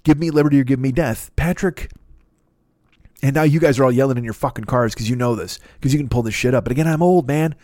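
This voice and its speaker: A man's voice: medium pitch, fast, darkish tone, no echo, studio quality. A man in his fifties, a podcast host, delivering a profane, rambling comedic rant that keeps interrupting itself. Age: 50s.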